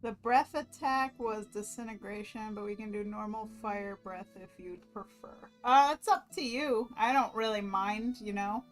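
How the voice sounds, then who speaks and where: A woman's voice: medium pitch, moderate pace, hardly any pauses, faint music behind. A woman artist chatting casually as she talks through each step of her drawing on a stream. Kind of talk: casual narration while drawing.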